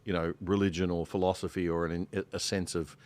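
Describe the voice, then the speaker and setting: An Australian man takes part as a guest on a panel podcast, speaking earnestly and with emphasis. His voice sits a little low, and the recording is dry and close. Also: level tone, fairly quick, darkish tone, no echo. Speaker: podcast guest, show host.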